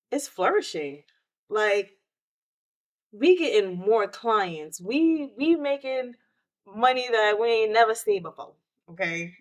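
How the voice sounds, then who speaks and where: A woman, hosting a podcast and telling a personal story of grief in an emotional, animated way. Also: mid-range voice. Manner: emotional, animated retelling with quoted outbursts. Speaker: podcast host.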